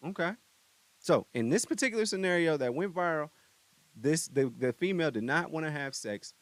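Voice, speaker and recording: A man's voice: on the high side, animated, normal speed, no echo. Laid-back slangy male podcast host. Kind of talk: casual commentary. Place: podcast studio.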